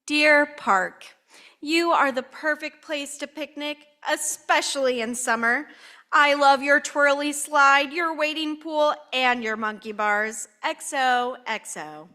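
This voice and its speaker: A cheerful little girl writing love letters to her street, read aloud by a woman. Her voice sits high and bright, and she takes her time in an earnest, sing-song storybook manner. It is a picture book read to a church congregation. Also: slow, heavily acted.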